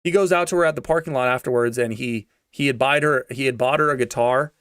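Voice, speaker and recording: A man's voice: medium pitch, fast, a bit bright, clear, resonant tone, no room sound, clean studio sound. A young man giving a sarcastic, slangy rant of a movie review, repeating himself for emphasis. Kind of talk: ranting casual movie review.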